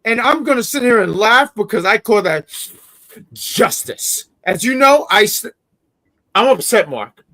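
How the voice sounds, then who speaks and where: A man co-hosting a wrestling review livestream, ranting and yelling in theatrical mock outrage. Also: sits high, very animated, measured pace. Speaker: wrestling review show co-host. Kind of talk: livestream chat.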